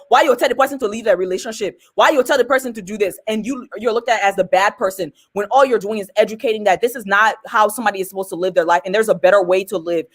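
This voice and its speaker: A woman speaking as an advocate and co-host in a talk podcast, making her point earnestly and emphatically, often quoting what other people say. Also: medium pitch. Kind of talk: passionate conversational commentary.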